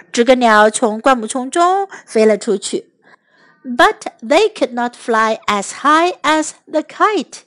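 A woman reading a children's story line by line in two languages, slow, careful and expressive. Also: high-pitched. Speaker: storyteller and English teacher. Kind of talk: bilingual storybook narration for children.

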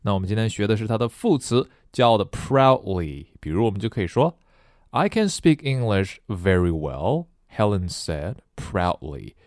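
A man whose first language is Chinese teaches a lively, jokey English lesson that includes story reading and switches between languages. His voice is fairly low and fairly quick with few pauses, recorded dry and clean in a studio.

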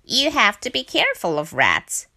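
A woman's voice: on the high side, wildly swooping pitch, normal speed, creaky, pushed and bright, heavily acted. A woman voicing a self-righteous, prejudiced duck in a storybook reading, indignant and know-it-all.

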